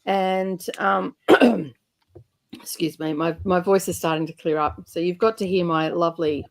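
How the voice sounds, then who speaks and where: Chatty woman host, morning-husky. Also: on the low side, fairly even intonation, a little slow. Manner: chatty, laughs often, many fillers. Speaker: host of a reading livestream. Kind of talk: casual chat.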